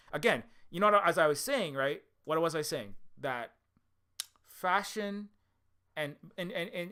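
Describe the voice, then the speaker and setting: Bright-voiced man, casual tangent-prone monologue, pitched a touch high. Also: clean tone. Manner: tangential, restarts a lot, self-deprecating asides. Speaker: game developer and commentator.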